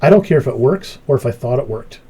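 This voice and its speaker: Husky middle-aged man telling stories. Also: medium pitch, fast. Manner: animated storyteller, voice jumps up when acting out his story. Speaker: podcast host. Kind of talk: casual chat.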